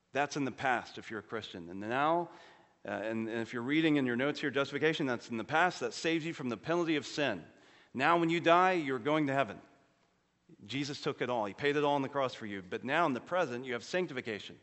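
A man preaching a sermon as pastor, earnestly rising for emphasis and dropping to a low, quiet voice on solemn points. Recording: long hall reverb.

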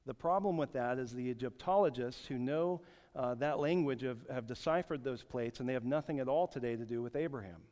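A man's voice: mid-range voice, a little fast, a little mellow. A man in his forties preaching a sermon, telling a story earnestly and often repeating words. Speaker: pastor. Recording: echoey hall, dull sound.

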